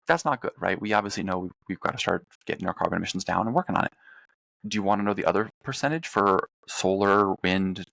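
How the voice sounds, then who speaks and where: A man's voice: low-pitched, fast talker, gravelly, a bit bright, no room sound. A young American man hosting a podcast, ranting casually and emphatically about politics with plenty of profanity. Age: young adult. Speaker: podcast host.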